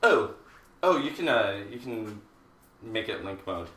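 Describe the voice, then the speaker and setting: A hairdresser in his thirties hosts a live haircutting stream, rambling between jokes and technique as he works. His voice sits a little low yet sounds bright and forceful. It reaches a distant mic in a roomy space with faint background noise. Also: animated, a little slow. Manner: rambling and jokey, with many fillers and asides. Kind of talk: casual live-stream chat while demonstrating a haircut.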